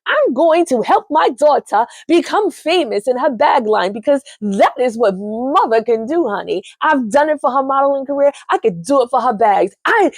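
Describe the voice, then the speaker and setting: A pushy, doting stage mother gushes about her calling, as a woman puts her on for a soap recap. The voice sits somewhat high and swings widely. The sound is close and dry. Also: animated, moderate pace, few pauses, no echo. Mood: gushing.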